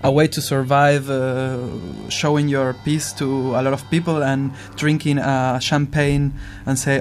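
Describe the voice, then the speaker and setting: A man's voice: medium pitch, level tone, measured pace, hardly any pauses, slight background noise. A musician chatting casually and earnestly, searching for his words and asking rhetorical questions. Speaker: musician in conversation. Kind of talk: casual reflective chat.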